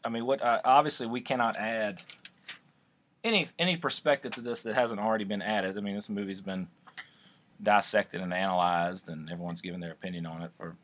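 A man with a fairly low voice talks casually over a beer, rambling and joking. He restarts his sentences often and keeps an easy, conversational pace. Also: fairly even intonation, a little fast, a bit bright, slight background noise. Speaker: podcast co-host. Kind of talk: casual chat.

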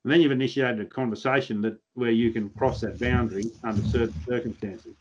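A man's voice: medium pitch, fairly even intonation, fairly quick, dull audio, background noise. An Australian man chatting as a podcast guest, telling blunt, earthy stories with mild swearing. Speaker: podcast guest, pig hunter. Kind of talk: casual podcast chat.

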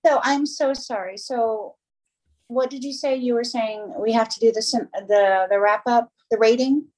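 A woman's voice: a little high, steady tone, moderate pace, a little mellow, rough recording. A woman guesting on a film podcast, talking casually with hesitant ums. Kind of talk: casual chat.

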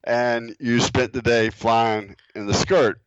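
A middle-aged man, a guest and former boss, telling a prank story in a halting, chuckling way. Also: mid-range voice, steady tone, smooth, no room sound. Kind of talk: casual anecdote telling. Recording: slightly muffled audio.

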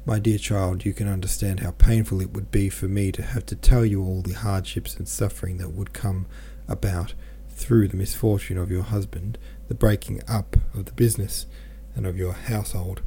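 A man voicing an aging, worried merchant father who speaks to his daughter gravely and gently. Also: low-pitched, flat delivery, normal speed, few pauses, slight background noise. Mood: grave, gentle.

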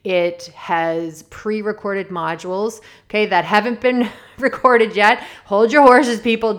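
A woman hosting a casual solo podcast, chatty and upbeat, laughing often and wandering off on tangents. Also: mid-range voice. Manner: chatty and self-deprecating, laughs often and digresses; enthusiastic and upbeat. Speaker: podcast host.

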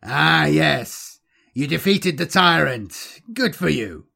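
A man's voice: on the high side, animated, slow pace, gravelly, bright, forceful tone, voice pushed up, heavily acted. A man voicing a cool, sardonic male commissar who speaks with dry irony.

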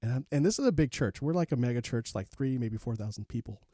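A middle-aged man tells his own story as a podcast guest, rambling candidly with frequent fillers and restarts. His voice is warm and mellow, and his pitch is average for a man. The sound is dry and close, with no room echo. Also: animated, fast talker. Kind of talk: personal storytelling in an interview.

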